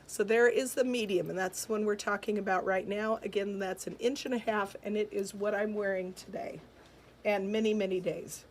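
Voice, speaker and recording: A woman hosts a live jewelry sale from her shop, chatting cheerfully with viewers and replying to their comments, her talk full of fillers and laughter. Her voice is medium in pitch with fairly even intonation and a moderate pace. There's a slight hiss or hum in the background.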